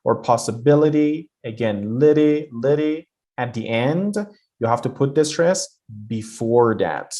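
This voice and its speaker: A man's voice: mid-range voice, lively intonation, unhurried, mellow. Man teaching pronunciation, encouraging tone. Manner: explanatory, encouraging, with fillers. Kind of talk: casual video lesson.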